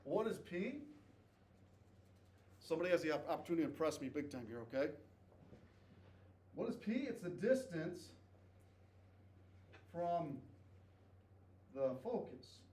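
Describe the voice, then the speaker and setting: A man's voice: on the high side, animated, measured pace, long pauses, darkish tone. A male math teacher lecturing a class, repeating key points and checking in with "okay?". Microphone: distant camera mic. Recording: echoey classroom from far off, faint noise.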